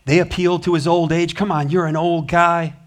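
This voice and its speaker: A man's voice: on the high side, flat delivery, brisk. A man preaching a sermon in a church, telling a story with rising, emphatic passion. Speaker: pastor. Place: church sanctuary.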